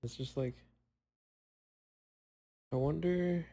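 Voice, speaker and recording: A young man talks loosely to himself, drifting from thought to thought and poking fun at himself. His voice is mellow and dark, with long pauses left in. It sounds like a relaxed solo chat. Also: a little high, gravelly, rough recording. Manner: rambling, self-mocking, long pauses. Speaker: podcaster.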